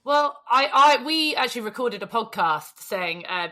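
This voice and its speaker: A woman's voice: on the high side, animated, measured pace, bright, forceful tone. A British woman hosting a podcast, effusive and emotional, chatting casually with the odd swear word. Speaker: podcast host. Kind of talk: casual chat.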